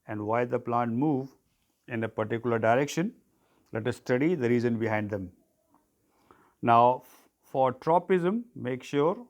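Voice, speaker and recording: A man teaching an online biology lesson, dictating terms for students to write down and spelling them out. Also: mid-range voice.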